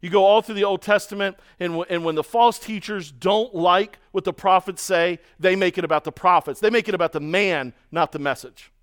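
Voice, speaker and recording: A man preaching a sermon, telling stories in a lively way and acting out the voices of other people. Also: high voice, brisk, few pauses, smooth. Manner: storytelling, animated, mimics voices in quotes. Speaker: pastor.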